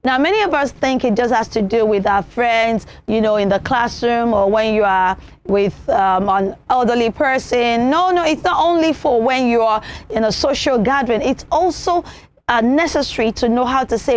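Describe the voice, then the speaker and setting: Woman hosting a children's show, high-pitched and lively, acts out every example. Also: moderate pace. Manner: animated, repeats points, acts out examples. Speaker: children's TV presenter. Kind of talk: teaching children on television.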